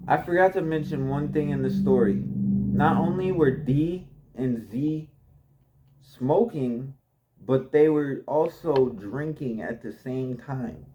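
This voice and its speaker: A man's voice: medium pitch, slow, highs cut off, slight background noise. A young man casually telling a personal story to his viewers, laid-back and chatty, laughing often and calling the audience y'all.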